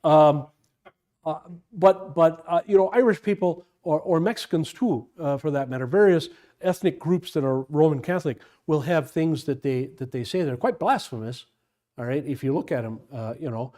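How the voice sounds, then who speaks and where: An older male pastor teaching a casual Bible study, wandering from point to point and restarting his sentences often. His voice sits a little on the high side for a man. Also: moderate pace, dark tone. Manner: rambling, digressive, many restarts.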